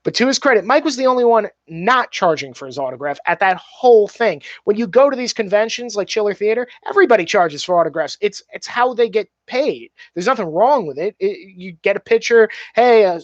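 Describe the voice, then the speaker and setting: A filmmaker guest, a man, tells stories casually, animated, swearing freely and speaking candidly. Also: high voice, a little fast, few pauses, no echo. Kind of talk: casual storytelling. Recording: dull, dry, slightly muffled.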